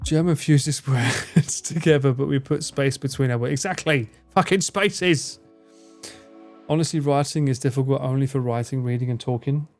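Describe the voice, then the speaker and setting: A man's voice: medium pitch, moderate pace, darkish tone, faint music behind. A man in casual live-stream chat, rambling, swearing freely and laughing often as he answers his chat. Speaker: livestreamer.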